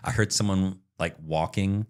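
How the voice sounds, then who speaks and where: A man's voice: low voice, fairly even intonation, moderate pace, clear, resonant tone. A man co-hosting a podcast in casual chat, rambling through a story and acting out the sounds. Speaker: podcast co-host.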